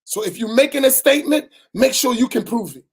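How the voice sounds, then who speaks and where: A man's voice: very high-pitched, fairly quick, gravelly, breathy edge. A man, an imam teaching a religious lesson in a direct, admonishing way, often tagging "right?" onto his points.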